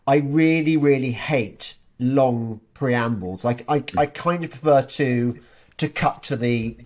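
A man's voice: medium pitch, takes it slowly, darkish tone. A man hosting a podcast interview in a casual, chatty way, often repeating words as he restarts his sentences. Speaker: podcast host.

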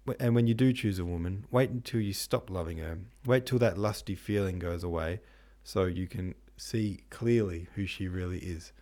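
A man's voice: low voice, moderate pace, hardly any pauses, darkish tone. A man voicing a curt, irritable young prince who swears casually. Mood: bitter.

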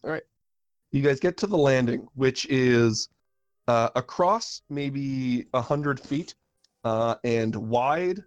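A man running a tabletop game as game master, narrating in a halting way with many pauses. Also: medium pitch, lively intonation, muffled recording.

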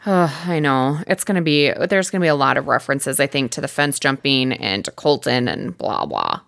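A woman's voice: normal speed, creaky. A woman co-hosting a podcast, chatting casually and giggling as she recaps a dating show. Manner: chatty, giggly, animated swoops in pitch. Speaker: podcast co-host.

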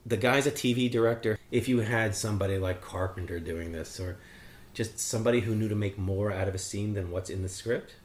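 A man's voice: on the low side, fairly quick. A man co-hosting a podcast, talking casually and at length about a film, rambling and swearing freely. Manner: rambling, profane, opinionated. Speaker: podcast co-host reviewing a film.

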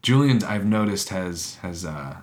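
A man co-hosting a podcast in casual chat, rambling and halting, often breaking into laughs. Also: sits low, expressive. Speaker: podcast co-host.

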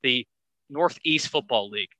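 A man hosting a casual sports podcast, talking in an animated way that gets higher when he drives a point home. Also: normal speed, no echo, lo-fi sound. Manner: animated, rising pitch when making a point. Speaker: podcast host.

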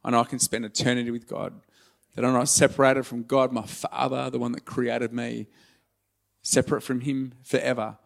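A man's voice: mid-range voice, level tone, normal speed, vocal fry. A man preaching a sermon in a church, earnest and conversational, turning emotional and joking at his own expense. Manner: earnest, emotional and conversational, with self-deprecating humor. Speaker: pastor. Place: church hall.

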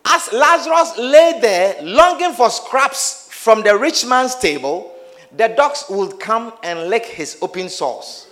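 Man preaching a sermon, very high voice, lively swinging pitch, animated, teases and questions the congregation. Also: slow.

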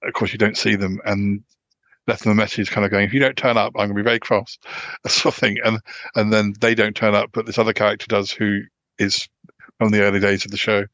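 Low-voiced man chatting haltingly. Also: level tone, fairly bright tone, no room sound. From United Kingdom. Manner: halting, many restarts and fillers. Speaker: podcast host. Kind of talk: casual podcast chat. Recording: dull, lo-fi sound.

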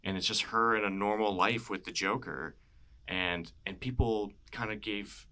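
A man's voice: on the low side, moderate pace, bright, forceful tone. A man talking casually about films, rambling with lots of fillers and frequent laughs. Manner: rambling, many "you know" fillers, laughs often. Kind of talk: casual film chat.

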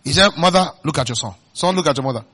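A male pastor with a Nigerian accent preaching a sermon. He keeps asking the congregation questions and swings between loud emphatic bursts and quiet, low asides. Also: lively intonation, rapid-fire, husky. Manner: call-and-response questions to the congregation.

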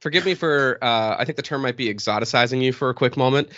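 A man's voice: mid-range voice, fast talker, a bit bright. A man hosting a casual chat, telling a story in a rambling way with many fillers. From Boston area, New England. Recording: slightly dull lo-fi sound.

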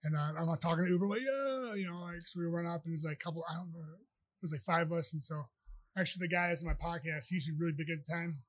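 A man who is a professional fighter, chatting as a podcast guest and telling rambling, animated anecdotes. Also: on the high side, racing, dry recording. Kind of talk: casual storytelling.

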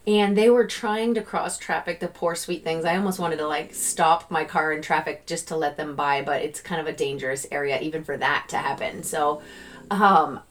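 Woman in her thirties, solo podcast host, lowish voice, casual and animated, breaks into gushing quoted thanks. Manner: chatty and animated, bursts into excited quoted gratitude.

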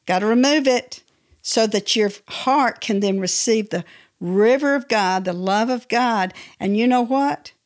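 A woman hosting a faith-based teaching podcast, speaking emphatically and repeating her key phrases. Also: medium pitch. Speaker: podcast host and Christian speaker.

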